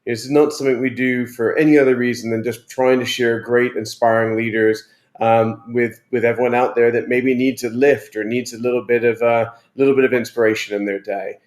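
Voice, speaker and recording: A man's voice: mid-range voice, little pitch movement, brisk. A man hosting an interview show, with an accent that blends American and British, chatty and self-mocking. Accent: mixed American-British. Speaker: podcast host. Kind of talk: casual interview chat.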